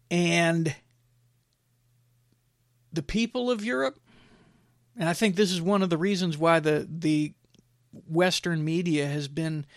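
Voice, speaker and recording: A man's voice: fairly high pitch, dry recording, studio quality. A male podcast host giving blunt opinion commentary in a conversational monologue, with frequent fillers.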